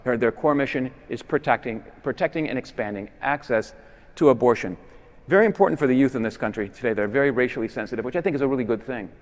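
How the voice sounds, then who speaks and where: A man giving a persuasive conference talk with emphatic stresses that drop to quiet endings. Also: fast. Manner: emphatic, with swings between loud stresses and low, quiet endings. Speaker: conference speaker. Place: large basilica. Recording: long reverb in a big church.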